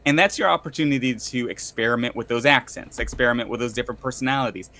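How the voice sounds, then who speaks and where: A man's voice: mid-range voice, fast, sharp tone. A man co-hosting a casual tabletop gaming podcast, speaking as a game master in an enthusiastic, rambling way.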